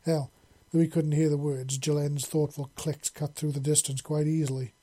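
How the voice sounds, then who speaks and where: Male audiobook narrator, slightly high, dark and husky, steady earnest delivery. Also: normal speed. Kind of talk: story narration.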